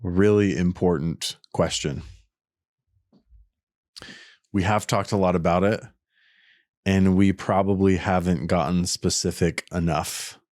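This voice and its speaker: Man, very low pitch, podcast host, earnest, explanatory, restarts sentences, dry close sound. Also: steady tone, unhurried, darkish tone, no echo. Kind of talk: reflective solo podcast talk.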